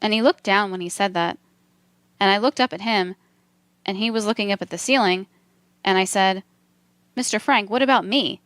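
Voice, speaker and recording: A woman reading a transcript aloud for a documentary in a measured, steady delivery. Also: mid-range voice, smooth, no room sound. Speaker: documentary reader.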